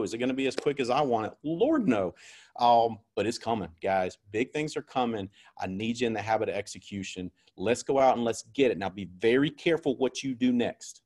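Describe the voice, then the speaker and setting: Energetic man giving a pep talk. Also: medium pitch. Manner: energetic, emphatic, repeats key phrases. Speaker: sales team leader. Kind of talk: motivational team talk.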